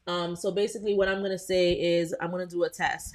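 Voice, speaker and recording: A woman with a lowish voice hosting a live tutorial. She chats directly to her viewers as "you guys", narrating each click with plenty of "um" and "like". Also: little pitch movement, quick pace, few pauses. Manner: chatty, addresses viewers as "you guys", frequent "um" and "like". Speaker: host.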